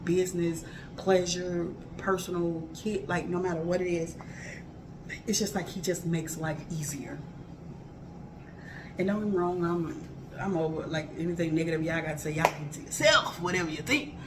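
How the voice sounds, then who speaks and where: A woman's voice: lowish voice, normal speed, noisy background. A woman in her thirties chatting candidly and emphatically to her viewers in her kitchen, talking in a loose colloquial way and repeating herself for emphasis. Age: 30s. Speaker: vlogger. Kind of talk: casual chat to viewers while cooking. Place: home kitchen.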